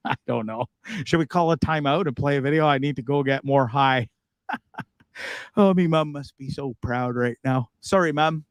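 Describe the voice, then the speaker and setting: A man's voice: medium pitch, normal speed, no echo. A man hosting a casual livestream from a bus, rambling, swearing and laughing at himself. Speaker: host.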